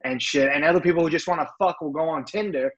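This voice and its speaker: A man in casual podcast banter, making crude, rapid jokey remarks. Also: on the high side, muffled recording.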